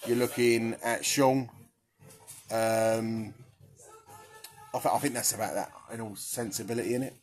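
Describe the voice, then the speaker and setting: Un joven inglés que presenta un concurso entre compañeros de equipo, con un tono descarado y malhablado y muchas risas. Su voz se sitúa en un registro medio, ni grave ni aguda, y habla con naturalidad, como en una charla informal entre amigos. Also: male voice, medium pitch, steady tone, unhurried, long pauses, faint music behind. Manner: cheeky, sweary, laughs a lot. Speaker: quiz host for a football team. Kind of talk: casual banter.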